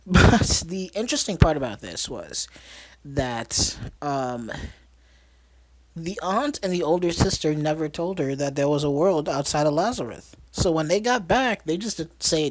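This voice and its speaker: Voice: mid-range voice, no room sound. Rambling podcast host recapping a film. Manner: rambling, lots of fillers and restarts, laughs while talking. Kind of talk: casual movie recap.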